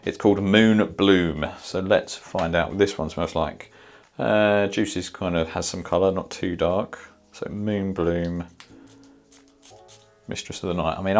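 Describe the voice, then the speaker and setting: Low-voiced man thinking aloud on fragrances. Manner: thinking aloud, hesitant with many fillers; sniffs and reacts in the moment. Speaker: fragrance reviewer. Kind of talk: casual product review.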